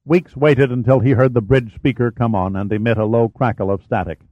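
A man narrating a story in a measured, even way. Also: mid-range voice, no echo. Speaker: audiobook narrator. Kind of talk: scripted narration. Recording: dry, slightly dull recording.

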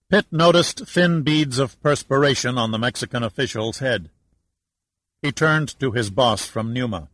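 A man's voice: mid-range voice, dry recording, low-quality recording. Man reading an audiobook, dry and close. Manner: even, measured reading. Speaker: audiobook narrator. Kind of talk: scripted narration.

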